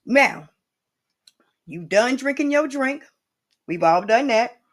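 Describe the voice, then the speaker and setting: A woman's voice: fairly high pitch, lively intonation, takes it slowly. A woman hosting an improvised comedy cooking show, rambling in a playful way with asides to the viewer.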